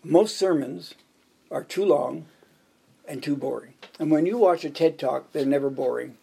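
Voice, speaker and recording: A man's voice: on the high side, moderate pace, gravelly, mellow, breathy edge. A man preaching a sermon, telling joke anecdotes and counting off his points in order. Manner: jokey storytelling, counting off points. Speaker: pastor.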